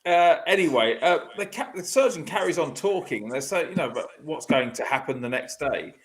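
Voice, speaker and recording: A man's voice: a little high, expressive, brisk. A man on a podcast, telling a long, rambling story full of fillers and laughter. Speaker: podcast host. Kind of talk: casual storytelling chat.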